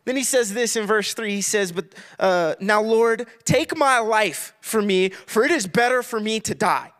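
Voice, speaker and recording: A man's voice: high voice, a little slow, fairly bright tone. A man teaching a Bible story in a loose, playful way, acting out the characters and laughing as he goes. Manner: playful, acts out voices, laughs often, many restarts.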